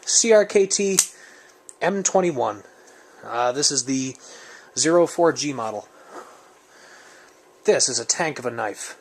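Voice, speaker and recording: A man's voice: medium pitch, expressive, slow, pauses often. A man casually reviewing his survival gear on camera, rambling and joking in an off-the-cuff way. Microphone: camera mic, speaker off-frame.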